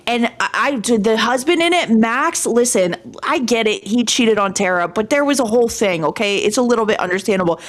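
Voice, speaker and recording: A young woman hosting a casual chat, retelling a show scene with excitement and swearing freely. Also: a little high, moderate pace, hardly any pauses. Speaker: stream host. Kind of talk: casual chat while dyeing hair.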